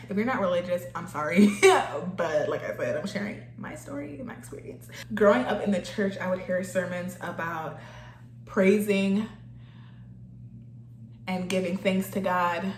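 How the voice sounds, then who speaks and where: A young woman talks casually while getting ready, laughing often and turning emotional, near tears. Her voice sits at a medium pitch. The recording has an echoey room sound. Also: slight background noise. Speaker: vlogger. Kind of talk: casual get-ready-with-me chat.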